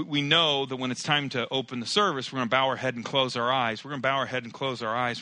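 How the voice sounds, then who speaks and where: Bright, preaching man with rising emphasis. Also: medium pitch, dry recording. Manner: preaching with swelling, emphatic rises and soft drops. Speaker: pastor. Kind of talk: sermon. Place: church.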